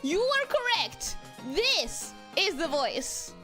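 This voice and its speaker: A woman's voice: very high voice, sing-song, takes it slowly, bright, forceful tone. A young woman streaming a game, chatting casually, greeting viewers by name and making joking asides. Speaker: VTuber streamer. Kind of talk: casual let's-play chat. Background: game music.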